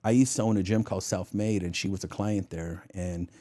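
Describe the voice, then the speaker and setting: Deep-voiced and speaking a little fast, a former federal agent swaps casual stories during an interview. He's an animated storyteller who voices the characters in his anecdotes and often cracks himself up.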